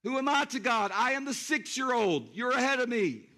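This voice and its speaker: A man's voice: extremely high pitch, big pitch swings, normal speed, sharp tone. A male pastor preaching a sermon, addressing the congregation directly and acting out scenes.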